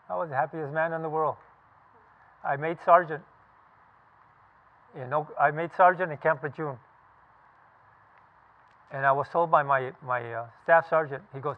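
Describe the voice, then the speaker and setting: A Californian veteran in his seventies tells his story to a group of listeners, blunt, profane and emphatic. His voice sits on the high side with a steady tone, normal speed and long pauses. The recording sounds tinny, like a phone line, and the talk is a casual spoken recollection.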